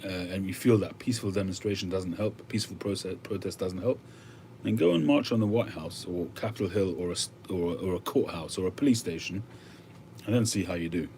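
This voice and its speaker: Reading viewer comments on his livestream, a deep-voiced male host thinks aloud in a relaxed, conversational way. He pauses hesitantly a lot, and there's slight background noise.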